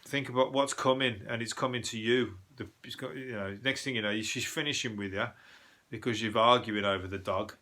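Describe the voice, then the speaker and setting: A man's voice: medium pitch, bright, forceful tone. A man hosting a podcast, ranting through the news in a rambling, profane comic style. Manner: sweary, rambling, puts on quick voices for people he mocks. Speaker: podcast host.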